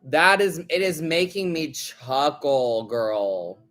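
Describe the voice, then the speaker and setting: A man's voice: a little high, slow pace, a bit bright, soft background music. A man hosting a live tarot stream, talking in a loose, chatty way full of "like" fillers, casual swearing and frequent laughter. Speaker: tarot reader, host.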